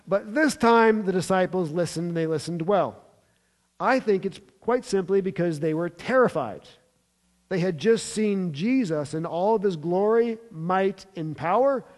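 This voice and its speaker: A man preaching a sermon, retelling scripture with emphatic, animated storytelling and touches of humor. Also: high-pitched, a little slow. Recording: long reverb of a large hall.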